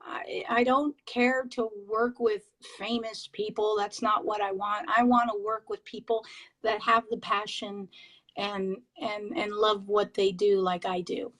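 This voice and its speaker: A woman on a video call, a paranormal investigator, telling her experiences in an excitable, halting way with many fillers and restarts. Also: mid-range voice, rough recording. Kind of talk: casual interview storytelling.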